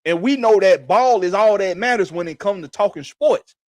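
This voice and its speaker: Speaking at a moderate pace in clean, echo-free studio sound, this sports podcast host has a high, expressive voice. His casual talk gets heated, emphatic and repetitive, with plenty of swearing.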